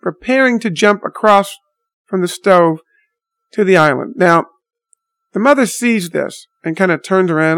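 A man's voice: high voice, animated, measured pace, fairly bright tone, dry recording. A man telling a story to his viewers in an unscripted monologue, blunt and indignant, with mild swearing. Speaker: vlogger addressing viewers.

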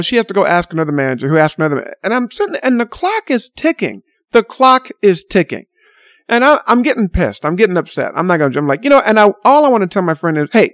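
Older man, high voice, gravelly, rambling, sardonic, dry close sound. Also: no echo. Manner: rambling, exasperated, sardonic asides. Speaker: storyteller. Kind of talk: rambling personal anecdote.

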